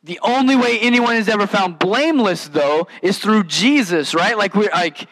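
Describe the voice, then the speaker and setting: A man preaching a sermon in a conversational, animated way, with casual asides. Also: sits high, normal speed, low-quality recording. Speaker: pastor.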